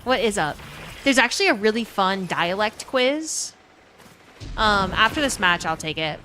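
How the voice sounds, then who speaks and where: A woman from New Orleans talking with her game stream chat while she plays, rambling and dropping swears. Her pitch sits in the middle of the range. A clear hum of steady background noise runs under her mic. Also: a little slow. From New Orleans, USA. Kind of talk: casual live-stream chat.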